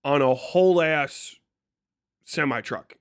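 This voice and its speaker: A streamer from Kentucky spins a story in an animated, expletive-heavy way. His voice sits a touch high for a man. The sound is dry and close, with no room around it. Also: slow pace, clean tone, no echo. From Kentucky, USA. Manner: profane, animated retelling, frequent laughs. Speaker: live streamer. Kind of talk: casual storytelling on a livestream.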